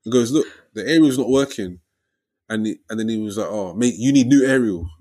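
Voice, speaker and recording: A young man telling a story in casual chat, lively and slangy, ending lines with "innit" and "yeah". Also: fairly low pitch, fairly quick.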